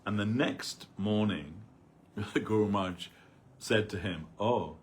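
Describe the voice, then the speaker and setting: A man's voice: lowish voice, measured pace. A man giving an informal spiritual talk at a temple gathering, rambling conversationally and peppering his stories with "you know".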